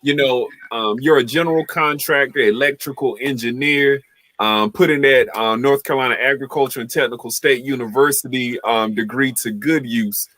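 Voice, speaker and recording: A man moderating a panel conversation, asking questions in a hesitant way with many pauses. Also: medium pitch, a bit bright, dry recording. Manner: hesitant, many fillers and restarts.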